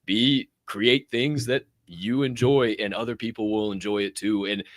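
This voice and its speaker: A man's voice: fairly low pitch, steady tone, measured pace, no room sound, clean studio sound. A man co-hosting a podcast, talking animatedly, cursing freely and mocking dull small talk. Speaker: podcast co-host. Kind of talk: casual podcast chat.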